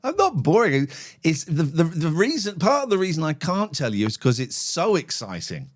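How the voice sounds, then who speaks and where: A man's voice: on the high side, huge pitch swings, moderate pace. A man hosting a phone-in show, chatting casually with callers in a blunt, sweary, sardonic way. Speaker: phone-in host. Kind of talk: casual live-stream chat.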